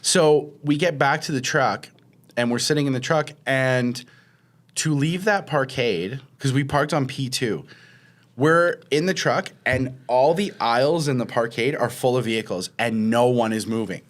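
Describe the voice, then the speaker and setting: A man's voice: medium pitch, a little slow. A young man co-hosting a podcast, telling a long rambling story in casual chat and acting out what others said. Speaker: podcast co-host.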